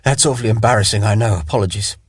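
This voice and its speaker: A man's voice: fairly low pitch, racing, breathy edge, dry recording, studio quality. A man voicing a charming young lord who is dying of a wound, speaking faintly and in pain. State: weak and wounded.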